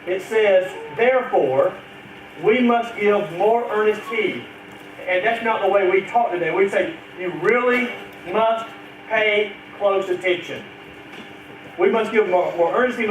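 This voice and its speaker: High voiced guy preaching, earnest, leans on key words, echoey church mic from far off. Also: a little hiss or hum. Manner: earnest, drawn-out emphasis on key phrases. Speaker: pastor. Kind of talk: sermon to a church congregation. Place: church sanctuary.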